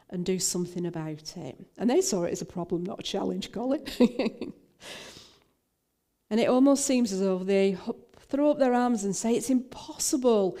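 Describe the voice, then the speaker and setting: A woman's voice: medium pitch, dark tone. An older woman minister, telling a personal story in a talk, with frequent fillers and restarts.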